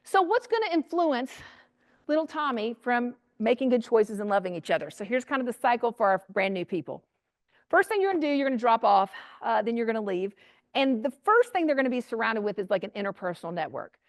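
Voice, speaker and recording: A middle-aged woman giving a lively, blunt talk to a room of parents, chatty and animated, acting out quoted voices. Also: fairly high pitch, fairly quick, no echo, studio quality. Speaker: speaker addressing parents. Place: room with an audience.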